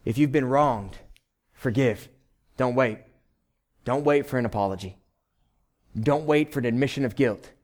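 A man's voice: medium pitch, normal speed, long pauses, a little mellow. Emphatic male pastor preaching. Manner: emphatic, direct exhortation in short repeated phrases; conversational, checks in with "right?". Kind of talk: sermon.

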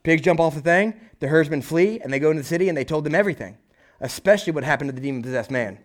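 A man delivering a sermon with a high-pitched voice. He talks in an animated, chatty way and slips into quick acted-out voices to tell the story. He keeps asking his listeners "right?". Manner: animated preaching, acts out voices, frequent "right?". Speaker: pastor.

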